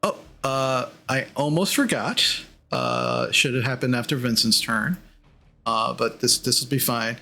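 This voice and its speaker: A man running a tabletop game as game master, narrating in a relaxed way with many fillers. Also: mid-range voice, a little slow, slight background noise.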